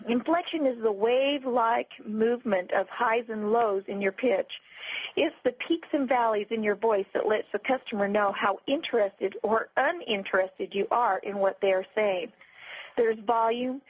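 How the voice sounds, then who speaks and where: A woman giving a scripted customer service training lecture in a clear, instructive, evenly paced way. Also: fairly high pitch, dry recording, rough recording.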